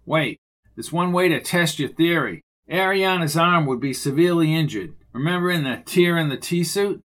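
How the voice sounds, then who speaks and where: A man reading the lines of a steady, cautious male colleague in a measured tone. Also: a little high, natural voice. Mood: calm reasoning.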